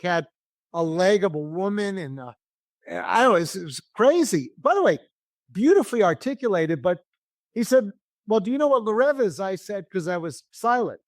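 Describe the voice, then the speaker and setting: A man telling an animated story as an interview guest, acting out the voices of people he quotes. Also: sits high, normal speed, no echo.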